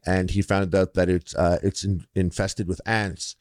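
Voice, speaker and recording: Podcast co-host, young man, animated anecdote teller with put-on voices, slightly low, close and dry. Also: unhurried, no echo. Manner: animated storyteller, acts out quoted people in shifting voices. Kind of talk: casual storytelling chat.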